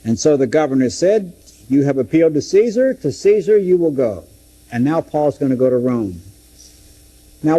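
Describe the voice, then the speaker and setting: A man's voice: fairly high pitch, warm tone, breathy edge, rough recording. A man teaching through a Bible book, dramatically acting out the quoted speeches. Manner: dramatic, acts out scripture quotes.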